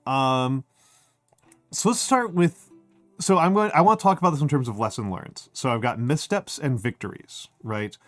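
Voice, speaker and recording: A man's voice: medium pitch, lively intonation, moderate pace, no echo. A middle-aged man chats with his stream while his throat sounds a bit scratchy. He rambles, pokes fun at himself and reads out viewer names. The sound is dry and close, with faint music underneath. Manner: rambling, self-deprecating, reads chat aloud. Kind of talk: casual chat with stream chat.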